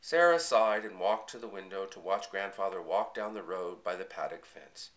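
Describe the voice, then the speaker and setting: Male audiobook reader; expressive first-person storybook narration, bright tone. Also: deep voice, moderate pace. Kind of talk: storybook reading.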